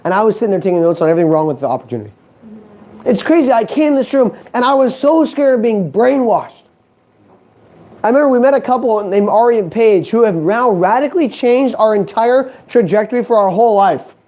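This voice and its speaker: A man's voice: high-pitched, expressive, fairly quick, mellow. Chatty man giving a motivational talk. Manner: storytelling, acting out quoted voices, laughing often; chatty, frequent "you know what I mean". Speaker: speaker at a business event.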